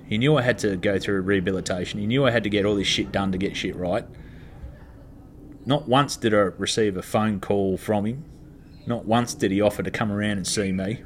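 A man's voice: on the low side, a little hiss or hum. An Australian man, a stand-up comedian, telling a story in a casual monologue, blunt and heavily profane, ranting in exasperation.

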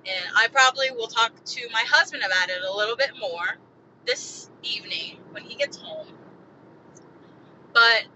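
Woman podcaster, bright high voice, agitated profane rambling vent, slightly lo-fi sound. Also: very animated, normal speed, a little hiss or hum. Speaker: podcast host. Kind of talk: solo venting podcast.

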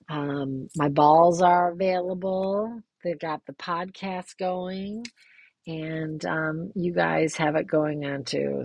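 A woman's voice: deep voice, vocal fry. A middle-aged woman hosting her own podcast, talking candidly in a rambling way, with many fillers and restarts. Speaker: podcast host. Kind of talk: casual personal monologue.

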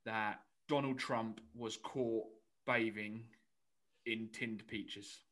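A man's voice: lowish voice, steady tone, slow pace, fairly bright tone. A young man, co-hosting a podcast in an easygoing, joking chat. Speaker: podcast co-host. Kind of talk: casual chat.

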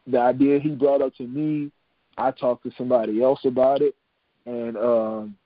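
A man's voice: mid-range voice, no room sound, lo-fi sound. A man hosting a podcast, chatting casually, often repeating words and laughing as he signs off. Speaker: podcast host. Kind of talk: casual podcast sign-off chat.

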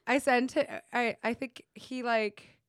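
A young adult woman hosting a podcast, telling stories in casual chat, animated and laughing often, with casual swearing. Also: on the high side, slow pace, clean tone, dry recording, clean studio sound.

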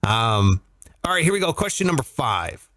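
A man's voice: medium pitch, moderate pace. A man co-hosting a casual podcast chat, joking around and asking questions. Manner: animated, jokey, asks questions. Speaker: podcast co-host.

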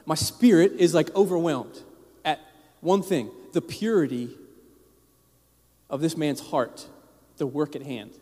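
A man delivers a sermon as an informal personal story, full of asides and restarts directed at the congregation. His voice sits a bit high for a man. The recording picks up the long reverb of a church sanctuary. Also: measured pace, slightly rough. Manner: casual, animated, many restarts and asides to the congregation. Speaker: pastor.

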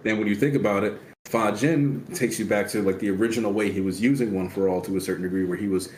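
A man's voice: on the low side, quick pace, a little mellow. A man co-hosting a casual podcast, explaining manga details at length with many fillers. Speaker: podcast co-host. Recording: echoey room with faint noise.

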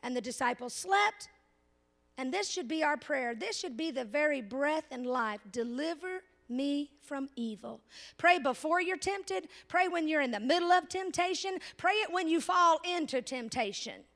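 A woman preacher with a very high, bright voice delivers an animated sermon. She fires rhetorical questions at her congregation and drops into casual asides. She slows down hard on the words she wants to land.

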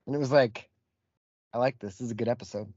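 A man's voice: mid-range voice, fast talker, darkish tone, no echo. Jokey man on a dry lo-fi mic. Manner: laughs often, jokey asides. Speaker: podcast co-host. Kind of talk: casual chat.

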